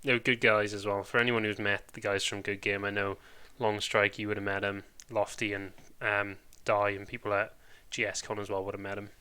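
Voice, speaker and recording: Give me a chatty Welsh man streaming live, with a bright, punchy voice. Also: fairly low pitch, level tone, a little fast, few pauses, clean tone. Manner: chatty, rambling, British slang. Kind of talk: casual live-stream chat.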